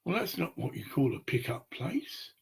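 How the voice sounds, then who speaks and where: A man's voice: medium pitch, big pitch swings, moderate pace, gravelly, husky. A man, talking in a rambling, profane monologue to the camera. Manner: rambling, profane, acts out little scenes.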